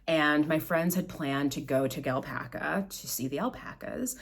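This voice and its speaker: A woman's voice: low voice, normal speed, slightly rough. A middle-aged woman hosting her own podcast, chatting in a rambling, self-deprecating way as she tells stories. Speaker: podcast host. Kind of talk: casual chat. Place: at home, in front of bags of yarn.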